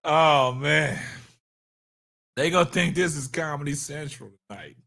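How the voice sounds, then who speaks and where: A man's voice: fairly high pitch, a little slow, vocal fry, bright, forceful tone. A man hosting a live stream, laughing hard and whooping between casual remarks to his chat. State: laughing to tears. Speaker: livestream host.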